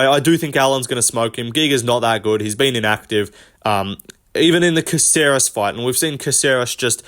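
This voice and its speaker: A man's voice: medium pitch, fairly bright tone. Blunt, foul-mouthed man giving fight picks. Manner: blunt, opinionated, profane, many ums and likes. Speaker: host. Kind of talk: casual fight-prediction commentary.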